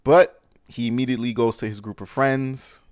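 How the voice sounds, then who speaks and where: Man, podcast host, casual slangy recap, rambling with fillers, medium pitch, dry close sound. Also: fairly even intonation, moderate pace, no echo.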